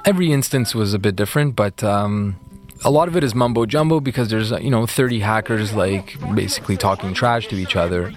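A man with a somewhat low voice tells his story as an interview guest. He talks loosely and conversationally, leaning on "like" and "you know." Faint music plays behind him. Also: brisk. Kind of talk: casual storytelling.

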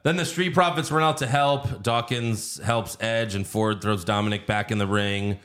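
A man hosting a podcast, recapping events in casual chat with an animated storytelling manner. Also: fairly low pitch, normal speed. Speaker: podcast host recapping wrestling.

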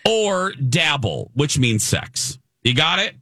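A man's voice: on the high side, very animated, slow, pushed and bright, no echo, studio quality. A man co-hosting a radio show, bantering playfully and stumbling over his words.

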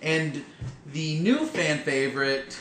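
A man's voice: a little high, lively intonation, slow, a bit bright, echoey room, slight background noise. A man hosting a casual podcast chat, joking and teasing, often laughing.

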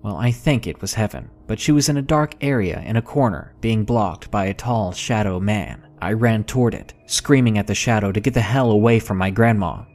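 A man reading out a true scary story in a measured, unhurried way. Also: fairly low pitch, darkish tone. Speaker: narrator. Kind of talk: scripted horror story narration. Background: faint background music.

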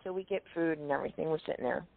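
A woman telling a backstage story in casual chat, often clearing her throat. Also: low voice, rapid-fire, dry recording. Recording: dry tinny call-quality sound.

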